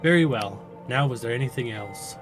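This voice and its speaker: A man's voice: mid-range voice, lively intonation, moderate pace, over music, lightly acted. A man voicing a nervous, flustered female village mayor from a game, fussy, polite and overly reassuring.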